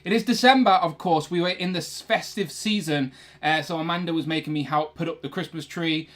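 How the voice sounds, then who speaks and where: A man's voice: fairly high pitch, a little fast, fairly bright tone. A young man hosting a casual toy collecting livestream from his room, chatty and rambling, often correcting himself. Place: his own room, indoors.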